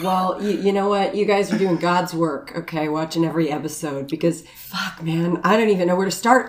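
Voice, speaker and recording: Expressive, laughing woman in an echoey room. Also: on the low side, a little fast. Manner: expressive, swears, laughs through lines. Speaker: podcast guest. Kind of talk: casual comedic podcast chat.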